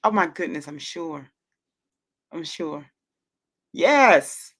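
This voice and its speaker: Bright, lively woman hosting a livestream. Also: low voice, drawn-out words. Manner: excitable, laughs often, reads viewer comments aloud. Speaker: livestream host. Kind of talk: casual livestream chat.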